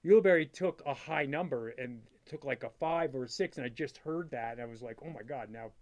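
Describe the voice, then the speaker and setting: A middle-aged man, a father, telling a story as a guest in a casual interview, animated and full of "like" fillers, acting out what he said. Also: mid-range voice. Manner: animated, quick storyteller, full of "like" fillers, acts out his own past lines. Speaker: guest, father of a disc golf player.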